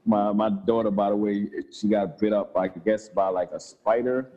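A man in his thirties chatting casually with a friend about fatherhood, in relaxed slang with frequent swearing. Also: on the low side, moderate pace, muffled recording. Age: 30s. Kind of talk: casual chat.

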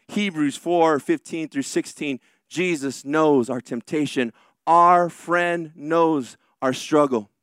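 High-voiced preaching pastor, dry close sound. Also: male voice, a bit bright, smooth, dry recording. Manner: preaching with slow, drawn-out emphatic lines and quick asides. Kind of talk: sermon.

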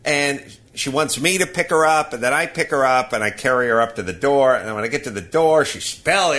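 Animated, bright-voiced man telling stories. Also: mid-range voice, fairly quick, few pauses. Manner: animated, ranting, laughing. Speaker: podcast host. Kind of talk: casual comic storytelling.

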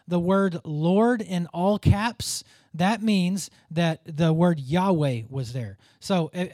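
Man, Bible teacher, high-pitched voice, dry close sound, earnest casual delivery. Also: a little mellow, dry recording. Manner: earnest, informal, thinks aloud with restarts.

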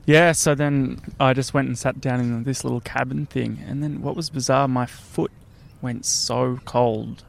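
A man's voice: mid-range voice, fairly even intonation, a little slow, creaky, few pauses. A man telling a story in casual chat, laughing often as he talks.

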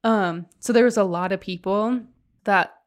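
Young woman podcast host, chatty, reads quotes out loud in a steady storytelling way. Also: mid-range voice, normal speed. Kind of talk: casual chat, reading quotes aloud.

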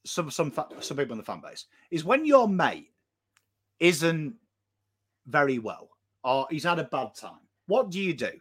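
An English man ranting as co-host of a football fan show, sweary and impassioned, swinging between shouting and low intensity. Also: big pitch swings, measured pace, slightly rough. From England. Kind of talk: fired-up fan rant.

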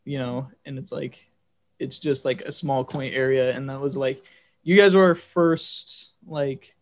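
A man's voice: mid-range voice, fairly even intonation, a little slow. A young man hosting a podcast, chatting casually with a band and rambling through lots of fillers. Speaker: podcast host. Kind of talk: casual interview chat.

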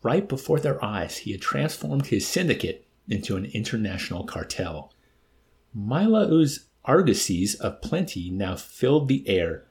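A man reading a novel aloud in an animated way, now and then laughing and adding amused asides. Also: on the low side, measured pace. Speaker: reader.

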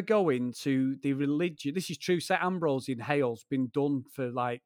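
A man's voice: medium pitch, moderate pace, hardly any pauses, a little mellow, no echo, clean studio sound. A man, co-hosting a podcast and telling long, sweary stories in casual chat. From Greater Manchester, England. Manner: rambling storyteller, swears freely, keeps addressing his co-host. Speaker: podcast co-host.

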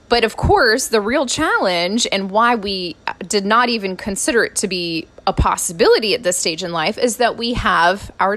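A woman in her thirties, a coach and podcast host, telling a personal story in a lively, spontaneous way and laughing often. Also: fairly high pitch. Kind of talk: casual storytelling monologue.

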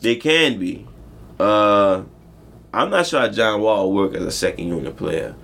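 A man's voice: lowish voice, animated, measured pace, gravelly, fairly bright tone. Joking, profane man in podcast banter. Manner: joking, profane, slips into mock voices. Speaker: podcast co-host. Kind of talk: casual sports podcast banter.

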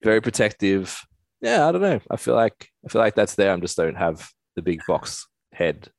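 A man's voice: fairly low pitch, sing-song, moderate pace, vocal fry, no echo. A man chatting candidly on a podcast, poking fun at himself. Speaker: podcast co-host. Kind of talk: casual chat.

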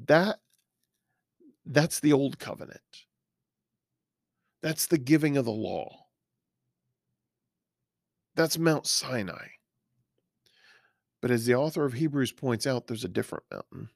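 A man who is a pastor, teaching a verse-by-verse Bible study in an earnest, explanatory way and pausing now and then to find his words. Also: mid-range voice, animated, creaky, dry recording, clean studio sound.

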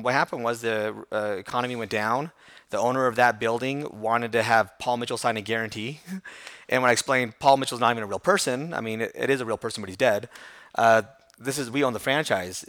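Fast-talking man telling his story. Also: mid-range voice. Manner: fast, animated storytelling with self-deprecating laughs. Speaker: hair school franchise owner. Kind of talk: interview storytelling.

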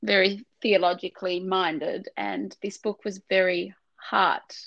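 A woman's voice: mid-range voice, fairly even intonation, a little slow, a bit bright, no room sound, muffled recording. A middle-aged woman co-hosting a casual faith podcast, talking in a heartfelt, rambling way with many restarts, close to tears at times. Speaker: podcast co-host.

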